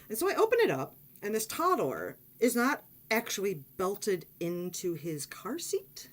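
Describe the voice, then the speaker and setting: A woman casually telling a personal story on her vlog, animated and blunt, acting out quotes and swearing freely. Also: a little slow, few pauses. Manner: animated, swearing, acts out quotes in high excited voice. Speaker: vlogger.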